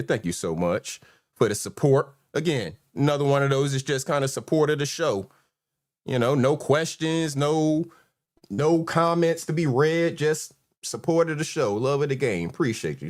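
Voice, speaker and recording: A man with a North Carolina accent hosting a casual live stream, relaxed and chuckling as he greets viewers. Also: medium pitch. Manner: laid-back, chuckling, shout-outs to viewers. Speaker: livestream host.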